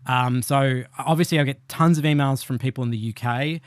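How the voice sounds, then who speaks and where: A man, a podcast guest, talking in an animated, self-deprecating way with quick asides. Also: medium pitch, smooth, no echo, clean studio sound. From Australia. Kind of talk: conversational interview. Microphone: remote call.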